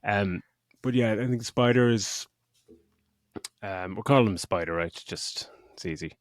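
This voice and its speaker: Low-voiced middle-aged man, dry close sound. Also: unhurried, no room sound. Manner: rambling, swears freely, laughs at his own jokes. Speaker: podcast co-host. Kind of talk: casual film review chat.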